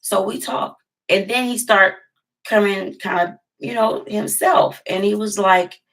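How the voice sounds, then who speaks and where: A woman's voice: medium pitch, steady tone, measured pace, a bit bright. A woman vlogger telling a personal story in a casual, emphatic way, often repeating phrases for effect.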